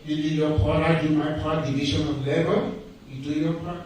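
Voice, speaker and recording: A man's voice: fairly high pitch, fairly even intonation, fairly quick, a little mellow, heavy reverb, recorded from a distance, slight background noise, rough recording. A middle-aged man from Nigeria with a Nigerian accent gives an emphatic motivational talk full of rhetorical questions and stories. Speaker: speaker.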